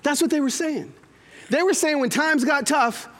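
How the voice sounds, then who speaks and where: A man in his forties preaching to his church with a notably high, lively voice that swoops up and down. He tells stories with animation, acting out quotes as he goes. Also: moderate pace. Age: 40s. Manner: animated storytelling with acted-out quotes. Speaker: pastor. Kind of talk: sermon.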